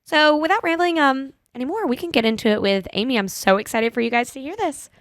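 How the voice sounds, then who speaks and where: A woman's voice: sits high, fast talker, no room sound, clean studio sound. A young woman hosting a podcast, chatty and self-mocking. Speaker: podcast host. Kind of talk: casual chat.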